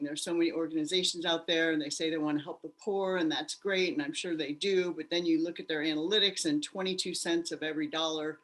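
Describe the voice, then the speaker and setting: A woman guest in an interview telling her personal story in an animated way, acting out the voices of the people in it. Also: sits low. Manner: animated, acts out quoted voices.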